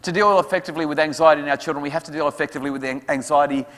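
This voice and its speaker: A man speaking to parents at an evening talk, lively and acting out what his kids say. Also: a little high, rapid-fire. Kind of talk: talk to an audience with questions. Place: school hall. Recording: hall reverb.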